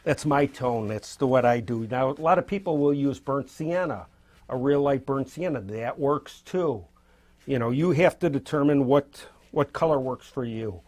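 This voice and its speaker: Husky-voiced man demonstrating painting. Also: medium pitch, moderate pace, a little mellow. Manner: encouraging, loose and spontaneous, fires things in. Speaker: painting instructor.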